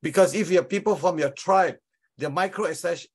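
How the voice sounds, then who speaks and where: A man's voice: high-pitched, normal speed, slightly rough. Earnest man with roots. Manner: earnest, explains with examples. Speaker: study group participant. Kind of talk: casual group discussion.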